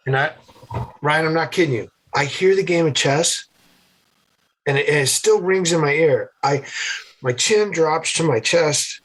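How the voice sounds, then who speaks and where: A middle-aged man from central Massachusetts, a podcast guest telling his story with animated, acted-out voices. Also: on the high side, unhurried, pauses often. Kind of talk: storytelling interview answers.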